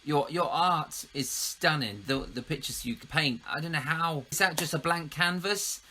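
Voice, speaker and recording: A man's voice: on the high side, a little slow, sharp tone. A man hosting a casual interview, chuckling and enthusiastic. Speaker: host.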